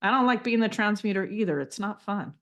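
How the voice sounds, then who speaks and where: Speaking a little fast at medium pitch, this energy healer leads a guided healing session with an expressive, soothing manner. She keeps calling the listener "honey" and frequently asks "okay?"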